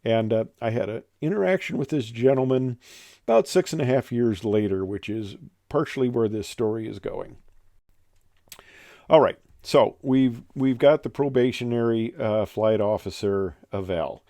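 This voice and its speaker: An older man recounts his airline days in a casual, meandering monologue, with lots of fillers and false starts. His voice is warm and relaxed, recorded dry and close. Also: medium pitch, moderate pace, no echo. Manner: rambling, many fillers and restarts. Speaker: retired airline pilot telling stories.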